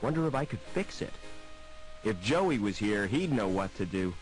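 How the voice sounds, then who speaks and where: A man's voice: on the low side, sing-song, moderate pace. An actor voicing a wry, determined male hero in an adventure game, with understated remarks. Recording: game audio with music behind.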